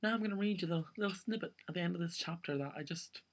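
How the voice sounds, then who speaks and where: A man's voice: high voice, fast, a little hiss or hum. A young man, ranting to camera in a casual vlog, peppering every sentence with "like". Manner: exasperated, filler-heavy ranting with lots of "like". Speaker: vlogger.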